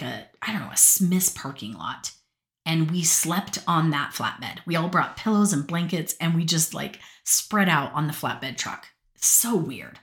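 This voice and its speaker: A woman from Utah telling personal stories from her notes in a chatty, rambling way, often breaking into laughter and asides. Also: low voice. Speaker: podcast storyteller. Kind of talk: casual personal storytelling.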